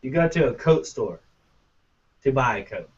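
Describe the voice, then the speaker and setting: A man's voice: medium pitch, lively intonation, normal speed. A man co-hosting a gaming podcast, ranting casually and profanely. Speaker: podcast co-host. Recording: muffled lo-fi, distant from mic.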